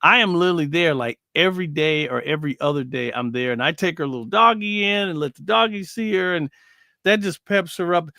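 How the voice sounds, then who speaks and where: A man co-hosting a casual faith talk show, telling stories with lively acted-out quotes. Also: a little high, brisk, vocal fry, no echo, clean studio sound. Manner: animated storyteller, acts out quoted voices.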